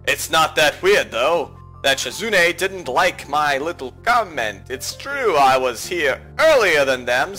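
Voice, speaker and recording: Brief: game playthrough narrator, male, bright and expressive, slightly high voice. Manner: lively, joking asides. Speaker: let's play narrator. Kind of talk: reading a visual novel aloud with jokes.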